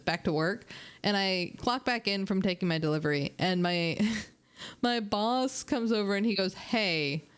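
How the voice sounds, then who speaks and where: A woman's voice: mid-range voice, smooth. Chatty young woman telling stories. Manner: chatty, animated, swearing, laughing often. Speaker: streamer. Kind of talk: casual storytelling.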